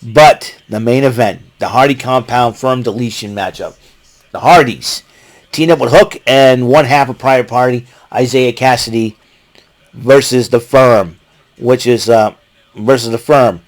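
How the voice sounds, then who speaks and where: A man's voice: mid-range voice, measured pace. A man casually recapping a wrestling show, rambling with fillers and often breaking into laughter. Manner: watching a ball game while talking.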